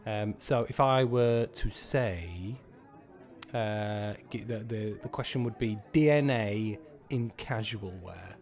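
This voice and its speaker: A man in his thirties hosts a live pub quiz in a lowish, slightly mellow voice. He's chatty and sweary, and he repeats each question slowly.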